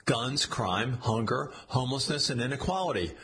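A man's voice: mid-range voice, expressive, normal speed, fairly bright tone. A man reading a satirical story, voicing a smug, scheming male AI chatbot that talks in a sly, slangy, coaxing way. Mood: gloating.

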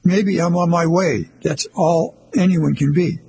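A husky-voiced man reading the part of a grumpy young man who talks curtly and mutters like an annoyed dad. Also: a little high, a little slow, a little mellow, a little hiss or hum. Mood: wry. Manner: curt, muttering.

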